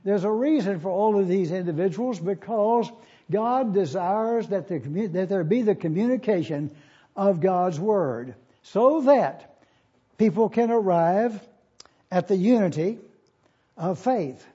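A pastor teaching a Bible lesson, spelling out words letter by letter and repeating key phrases slowly. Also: male voice, high voice, animated, warm tone, breathy edge. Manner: slow, deliberate, spells out Greek words letter by letter. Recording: dull lo-fi sermon recording.

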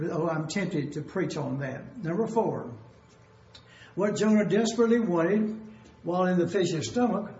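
A man preaching a sermon, working through numbered points with deliberate repetition. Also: sits high, darkish tone. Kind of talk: expository sermon. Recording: echoey room, dull lo-fi sound.

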